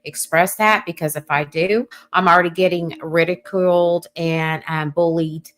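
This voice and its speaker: A woman hosting a podcast, affirming her guest with gentle agreement. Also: on the low side, steady tone, moderate pace. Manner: warm affirming, frequent agreement. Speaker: podcast host.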